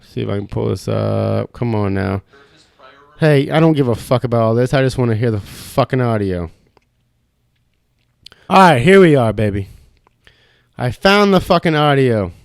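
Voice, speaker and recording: A man's voice: medium pitch, animated, normal speed, vocal fry, pauses often, no room sound. Profane ranting young man, dry close sound. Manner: profane, rambling, heated. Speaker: podcast host. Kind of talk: casual solo podcast rant.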